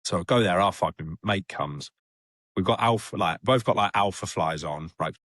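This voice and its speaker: A man's voice: deep voice, moderate pace, fairly bright tone, no echo, clean studio sound. A young man, a guest on a rehab talk show, telling a story in a chatty way with many restarts. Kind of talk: casual storytelling chat.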